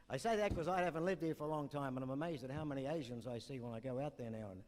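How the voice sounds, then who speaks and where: A man's voice: medium pitch, fairly quick, a little mellow. An older man doing stand-up at an awards night, rambling through jokes and asides. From New Zealand. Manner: rambling joke-teller with asides. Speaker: comedian. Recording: long reverb in a hall.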